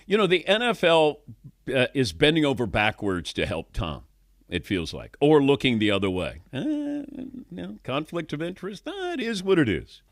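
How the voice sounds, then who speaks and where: Man hosting sports talk radio, animated pitch, dry close sound, chatty. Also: normal speed, no room sound. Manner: animated, chatty, laughs often.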